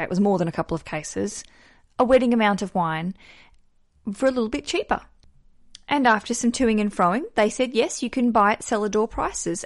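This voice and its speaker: An Australian woman hosting a podcast, talking in an upbeat, playful and self-deprecating way. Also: mid-range voice. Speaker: podcast host. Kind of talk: chatty podcast monologue.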